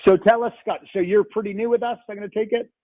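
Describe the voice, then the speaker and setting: A man hosting a casual coaching Q&A call, upbeat and joking, with quick banter. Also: high-pitched, steady tone, no room sound. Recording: tinny phone-like line.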